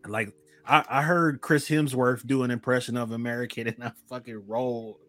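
A man's voice: mid-range voice, steady tone, normal speed, a bit bright, soft background music. A man co-hosting a podcast, chatting in a laid-back, joking way. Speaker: podcast co-host. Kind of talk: casual chat.

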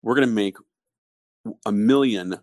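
A man with a very low voice co-hosts a casual business podcast. The recording is dry and close, with no room sound. He explains his ideas through steady, conversational storytelling. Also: measured pace, dry recording. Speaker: podcast co-host.

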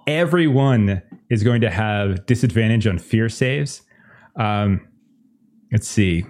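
A man's voice: lowish voice, lively intonation, takes it slowly, a little mellow, a little hiss or hum. A man narrating a tabletop horror game as game master, in a casual, chuckling way with many fillers.

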